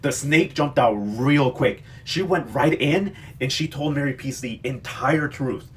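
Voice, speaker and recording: A man's voice: medium pitch, a little slow, a little hiss or hum. A young man recapping a TV novela in a sassy, dramatic, emotionally invested way. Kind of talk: casual pop-culture recap.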